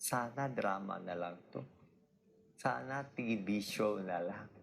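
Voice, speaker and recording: A hoarse man with a Filipino accent, a doctor and vlogger, speaking in an earnest, pleading vlog monologue that mixes English and Tagalog. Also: fairly low pitch, a little slow.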